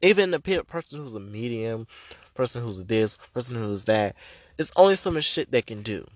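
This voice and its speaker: A man's voice: mid-range voice, big pitch swings, moderate pace, no room sound, studio quality. A man hosting a podcast as a spiritual reader, delivering a blunt, profane, emphatic rant. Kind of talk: ranting podcast monologue.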